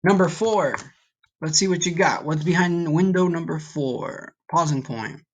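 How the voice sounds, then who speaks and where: A man's voice: a little high, a little slow. A man teaching a recorded Spanish vocabulary lesson, patient and encouraging, often checking in with "okay?".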